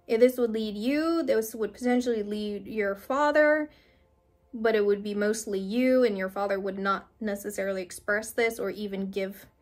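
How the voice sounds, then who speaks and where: A young woman giving a casual spiritual card reading, rambling with many fillers and restarts, gently reassuring. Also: medium pitch. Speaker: tarot reader.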